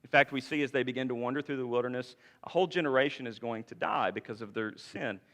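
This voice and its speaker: A man's voice: medium pitch, fast, a bit bright. Man preaching in a reverberant sanctuary. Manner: conversational preaching with frequent rhetorical questions. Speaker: pastor. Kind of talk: sermon. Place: church sanctuary.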